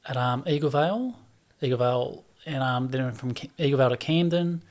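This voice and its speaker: Soft-spoken man with many ums. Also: medium pitch, lively intonation, fairly quick. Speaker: podcast guest, bodybuilder. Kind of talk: casual interview answers.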